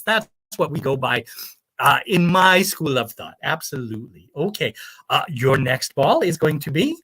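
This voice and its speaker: A woman's voice: fairly low pitch, fairly bright tone, exaggerated voice. A woman playing a scatterbrained self-proclaimed primatologist who calls bingo and rambles in a put-on accent that drifts toward the American South. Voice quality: breezy, rambling, cheerfully misinformed. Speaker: bingo caller. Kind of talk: comic live-stream character bit.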